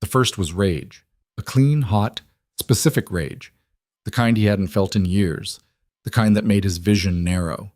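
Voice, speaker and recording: A man narrating a scripted story in a steady, unhurried way. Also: lowish voice, dry recording, studio quality.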